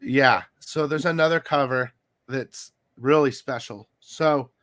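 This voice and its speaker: A man hosting a casual interview about comic collecting, chatty and excitable, coughing from allergies. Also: medium pitch, slow pace. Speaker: host.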